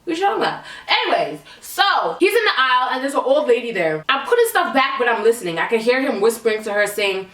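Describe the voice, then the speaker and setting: A woman's voice: on the high side, fairly quick, few pauses. Young woman storyteller, blunt and swearing, recorded in an echoey room. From Canada. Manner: animated, candid and profane. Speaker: vlogger. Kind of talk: storytime vlog. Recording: echoey room, mic at a distance.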